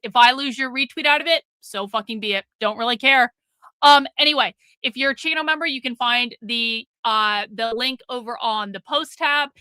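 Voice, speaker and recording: In a casual livestream, a middle-aged woman with a high, bright voice scolds people in her chat, blunt and profane. She talks at normal speed, and the recording is dry and close with no room sound.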